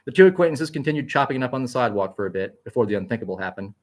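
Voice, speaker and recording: A man narrating a story aloud in a quick, vivid, expressive style. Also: medium pitch. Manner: quick, vivid, occasional slips and restarts.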